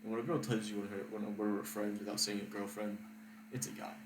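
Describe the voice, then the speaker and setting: A man's voice: lowish voice, little pitch movement, quick pace. A young man telling a story casually, rambling and profane with lots of filler words. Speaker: vlogger. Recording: echoey room with background noise.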